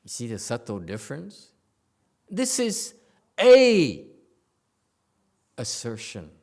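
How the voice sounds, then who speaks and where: Gravelly, blunt Buddhist master teasing. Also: male voice, medium pitch, wildly swooping pitch, takes it slowly, a little mellow. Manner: blunt, teasing, full of fillers and restarts. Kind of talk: dharma lecture. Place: meditation center hall.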